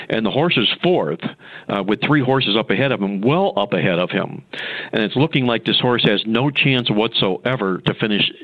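A man with a low, lively voice tells a racetrack story with plenty of swing in his delivery. The sound is dull and lo-fi, as if it comes over a weaker line. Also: moderate pace. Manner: animated storyteller. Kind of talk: casual chat, anecdote.

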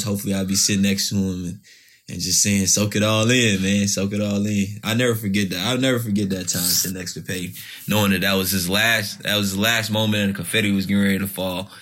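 A man's voice: lowish voice, fairly bright tone. A man, a pro football player, answering interview questions in a loose storytelling way with many restarts.

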